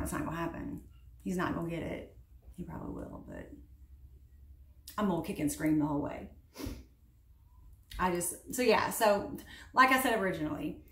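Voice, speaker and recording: A woman in her late thirties, a beauty vlogger, chatting casually while doing her makeup at home. She is animated and sarcastic as she vents. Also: medium pitch, reverberant. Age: 30s. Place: home room.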